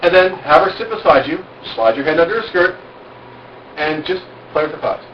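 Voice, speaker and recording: On the high side with lively intonation, a man speaks fairly quickly while casually teaching a small group at an outdoor cookout, frank, cocky and boastful, full of rhetorical questions. It's a dull, roomy, distant amateur recording with slight hiss or hum.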